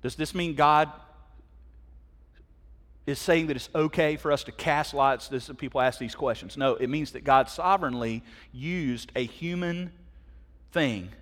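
A man's voice: fairly high pitch, a little slow, fairly bright tone. A middle-aged man preaching a sermon, emphatic and conversational, often asking the listeners direct questions. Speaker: pastor. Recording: long hall reverb.

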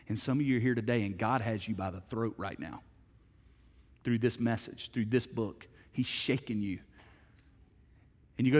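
A middle-aged man preaching a sermon as pastor, telling a story with swings from hushed words to loud, emphatic ones. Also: medium pitch, normal speed, long pauses, breathy edge, long reverb tail.

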